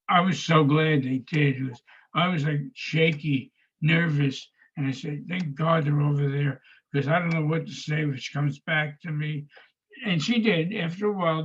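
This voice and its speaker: An older man with a husky, slightly high voice tells a long personal story, excitable and rambling, leaping up in pitch whenever he acts out what someone said. The sound is dull and lo-fi, like audio from a video call. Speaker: guest storyteller. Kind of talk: anecdotal storytelling.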